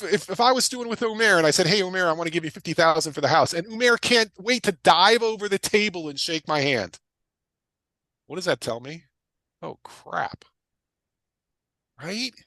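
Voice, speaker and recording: A middle-aged man teaches a live online class, hammering his points home with repeated questions and quick casual tangents. His voice sits high and swings widely in pitch, with a bright, forceful edge. The sound is close and dry. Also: no echo. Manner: emphatic and repetitive, drives points home with questions. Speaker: guest real estate investor teaching. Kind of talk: energetic livestream teaching talk.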